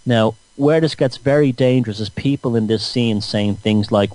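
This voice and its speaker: A man's voice: mid-range voice, normal speed, hardly any pauses, darkish tone, dry recording, poor audio. A man hosting a radio show, rambling through a mocking, satirical monologue.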